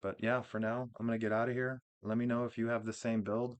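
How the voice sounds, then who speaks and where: A man hosting his own gaming channel, casually walking through a game build in a relaxed, rambling way, with frequent restarts and fillers. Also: mid-range voice, fast talker, smooth.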